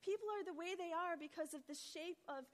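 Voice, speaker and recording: Female preacher, high voice, earnest testimony delivery, church hall reverb. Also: a little fast. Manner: earnest storytelling, acts out quotes with rising intensity. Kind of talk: sermon testimony.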